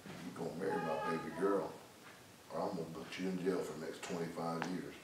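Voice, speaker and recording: A man voicing a gruff small-town father who threatens in a slow, menacing drawl. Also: low voice, fairly even intonation, voice pushed down, lightly acted. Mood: threatening. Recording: echoey room, distant mic, noisy.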